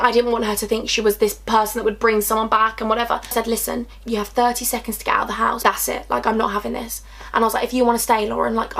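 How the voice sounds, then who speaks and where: A woman's voice: on the high side, fairly bright tone. A young woman tells a distressing personal story in a chatty, emotional vlog, full of "like"s and repeated phrases. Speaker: vlogger telling a personal story.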